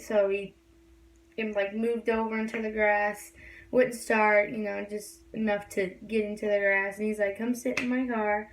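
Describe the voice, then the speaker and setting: A woman's voice: mid-range voice, steady tone, normal speed. A young woman telling a story in a casual, rambling way, full of fillers. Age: young adult. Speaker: vlogger. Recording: distant from the mic.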